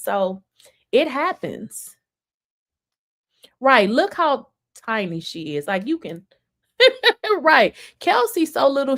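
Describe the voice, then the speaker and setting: A woman's voice: mid-range voice, a bit bright. A woman hosting a casual news commentary, incredulous and emphatic, with laughs and restarts. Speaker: commentary host.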